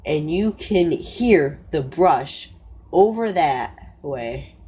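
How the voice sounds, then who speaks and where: A woman narrating a first-person horror story in a slow, low-key way, often stopping to correct herself. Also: lively intonation, mellow, breathy edge.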